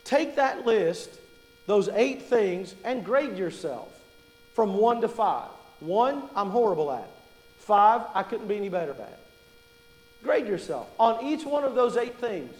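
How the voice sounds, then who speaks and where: A man delivers a sermon in a high voice, talking to his congregation in a conversational way and asking them questions. He slows down to stress his main points. The recording rings with the long reverb of a large church hall. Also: big pitch swings. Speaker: preacher.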